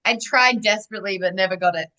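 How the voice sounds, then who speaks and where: A young adult woman, a guest in a casual interview, telling a personal story in a rambling, animated way full of restarts. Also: mid-range voice, fast, rough recording.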